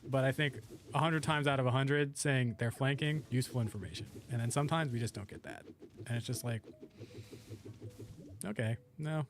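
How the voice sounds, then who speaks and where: A man's voice: medium pitch, moderate pace, faint music behind. A young man streaming a game, rambling casually and chatting with his viewers as he plays. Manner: rambling, chats with viewers while playing.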